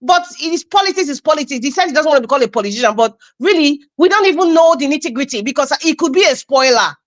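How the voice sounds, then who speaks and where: High-pitched emphatic Nigerian woman. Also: animated, fast. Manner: emphatic, scornful, restarts often. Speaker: debate speaker. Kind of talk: impassioned political argument.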